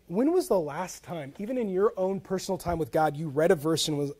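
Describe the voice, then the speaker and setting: A pastor, a man with a strikingly high voice, preaches a sermon in a loose, conversational way. He tells stories with humor and keeps restarting his thoughts. His volume swings from quiet asides to emphatic bursts. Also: brisk, hardly any pauses. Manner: animated, swings between soft asides and loud emphatic bursts; conversational, with frequent "like" and repeated starts.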